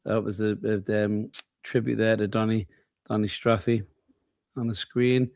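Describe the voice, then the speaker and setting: A man's voice: on the low side, little pitch movement, measured pace, vocal fry, a little mellow, no echo, studio quality. A tired man co-hosting a late-night football watchalong, joking and swearing casually. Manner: laid-back, swearing, joking banter. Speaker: co-host of a football watchalong stream. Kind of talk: casual live match chat.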